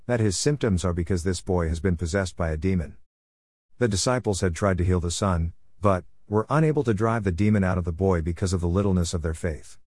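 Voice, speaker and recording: A man's voice: low voice, a little mellow, dry recording. A man reading a devotional teaching aloud in an earnest, emphatic preaching cadence. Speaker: devotional writer and reader.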